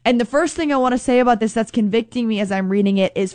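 A woman's voice: a little high, fast, a little mellow, dry recording. Casual woman preaching a sermon. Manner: informal, addresses listeners as friends, fills with "like". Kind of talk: conversational sermon with scripture reading.

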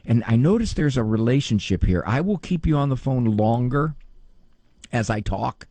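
A male psychologist hosts a call-in radio program, cracking self-deprecating jokes as he wanders through his points. His pitch swings widely, and the studio sound is close and dry. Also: expressive, moderate pace, warm tone, no room sound. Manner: joking, self-deprecating, rambling.

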